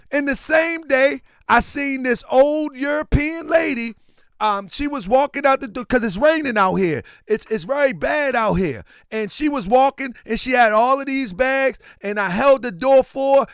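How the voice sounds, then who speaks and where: A man hosting a show and giving a casual commentary monologue. He tells stories in an animated way and keeps saying "man". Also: very high-pitched, clean tone, dry recording, clean studio sound. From Baltimore. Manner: animated storyteller, repeats "man" often. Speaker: show host.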